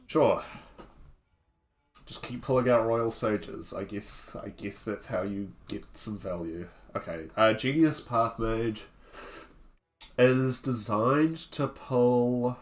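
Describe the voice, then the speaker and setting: Male streamer, lowish voice, relaxed think-aloud gameplay commentary, chats with viewers between moves. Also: slow, pauses often. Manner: thinking aloud, answering chat between plays.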